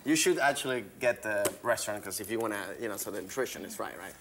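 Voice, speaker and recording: A man's voice: on the low side, fast, vocal fry, slight background noise. A young man with a Venezuelan Spanish accent, a comedian guest joking and teasing in a casual interview. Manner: playful, teasing, deadpan jokes.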